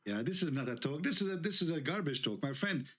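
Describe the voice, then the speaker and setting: A man's voice: a little high, animated, fast talker, a bit bright. Indignant man. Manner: heated, indignant, rhetorical questions. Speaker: online show host. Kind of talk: live online debate talk.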